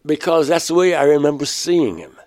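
A man being interviewed, telling of a personal experience in a halting way, often restarting words. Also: fairly high pitch, lively intonation, a little mellow. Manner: halting, restarts words, rises sharply when quoting himself. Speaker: interviewee, painter.

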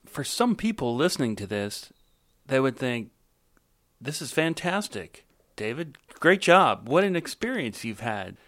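A man interviewing a guest, prompting him with measured remarks. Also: mid-range voice, big pitch swings, fairly bright tone. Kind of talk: interview questions.

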